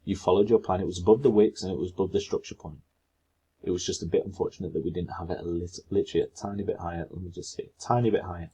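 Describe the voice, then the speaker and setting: A man's voice: sits low, fairly even intonation, racing, warm tone, husky, lo-fi sound. A man giving casual, chatty commentary as a trading educator, rambling and talking to himself in asides. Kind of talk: casual screen-share commentary.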